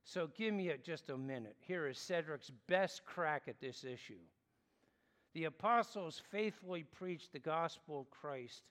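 Man preacher, slightly higher voice, earnest and measured, long hall reverb. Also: lively intonation, fairly bright tone. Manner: earnest, explanatory, measured pauses. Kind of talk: sermon.

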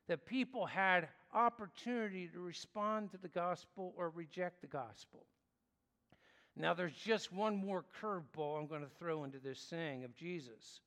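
A man preaching a sermon in an earnest, explanatory way with measured pauses. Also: high voice, fairly bright tone, long reverb tail.

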